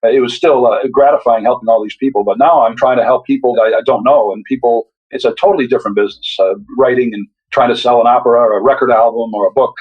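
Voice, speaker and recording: A man's voice: mid-range voice, fast, few pauses, slightly rough, phone-quality sound. An older man, a guest on a podcast interview, speaking reflectively with hesitant restarts. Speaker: author and retired radiologist guest. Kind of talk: casual interview chat.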